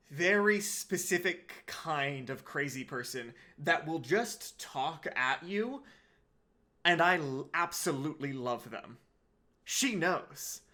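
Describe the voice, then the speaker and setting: A man telling a comedic story in an animated, digressive and sardonic way. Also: a little high. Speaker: podcast comedian.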